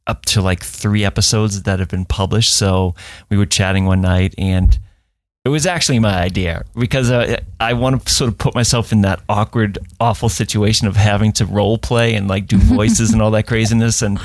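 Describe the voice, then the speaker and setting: A man's voice: lowish voice, fairly even intonation, moderate pace, no echo. A man co-hosting a podcast, chatting casually and laughing easily. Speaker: podcast co-host. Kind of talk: casual chat.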